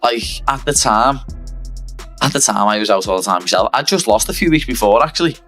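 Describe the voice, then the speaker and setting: A man's voice: mid-range voice, lively intonation, brisk, vocal fry, sharp tone, soft background music. A man telling a story in casual, chatty interview talk. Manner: chatty storyteller, says lad a lot. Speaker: fighter interviewed. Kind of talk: casual chat.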